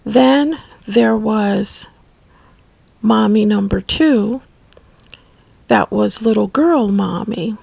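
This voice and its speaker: A memoir narrator shares personal memories in a slow, halting, soft-spoken way, often sinking to a near whisper. Her somewhat high voice is gravelly and a little husky. The audio is poor, close and dry, with no room sound.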